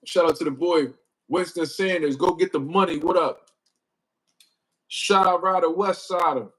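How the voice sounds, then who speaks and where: A man's voice: a little high, fairly even intonation, a little slow, a bit bright, husky, low-quality recording. A man hosting a casual boxing livestream, rambling in profane slang, filling gaps with "you know what I mean" and greeting chat viewers. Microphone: desk mic he moves closer.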